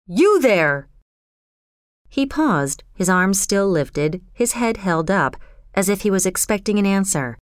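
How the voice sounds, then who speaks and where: A woman narrating a novel chapter in a measured, even storytelling manner. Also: mid-range voice, clean tone, no room sound, clean studio sound. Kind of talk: audiobook narration.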